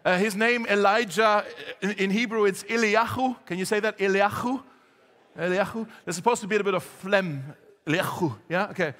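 A man preaching a sermon to a congregation, lively and joking, getting the crowd to join in. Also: high-pitched, fairly quick, long reverb tail. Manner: lively, jokey, talks straight to the congregation. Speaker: pastor. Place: church hall.

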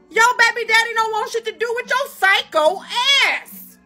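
A young woman tears into someone on her livestream, cursing and insulting without pause. Her voice sits high and comes across sharp and bright, and faint music plays behind her. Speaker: livestream host. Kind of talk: angry ranting commentary.

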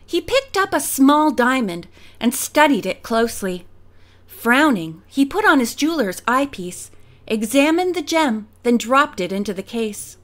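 A woman narrating a mystery audiobook in a clear, steady storytelling manner. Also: sits high, measured pace. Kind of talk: audiobook reading.

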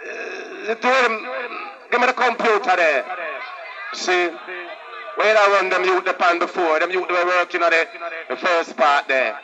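A man's voice: high-pitched, unhurried, pauses often, crowd noise, poor audio. A man with a Jamaican accent talking as a deejay at a live stage show, chanting patois and calling out to Jah. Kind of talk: live stage toasting and chat. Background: band music.

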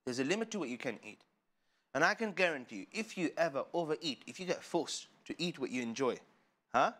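A man teaching children about the Qur'an, playful and animated, asking questions and laughing often. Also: fairly high pitch, brisk. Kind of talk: lively lesson for children. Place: studio.

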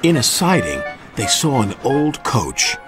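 A man's voice: mid-range voice, huge pitch swings, unhurried, over music. A man narrating a children's railway story expressively.

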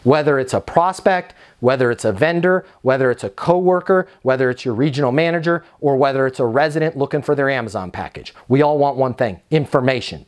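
A man training leasing agents on phone skills, energetic and salesy, acting out phone greetings as he teaches. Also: on the high side, quick pace, few pauses. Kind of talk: instructional talk with acted phone calls.

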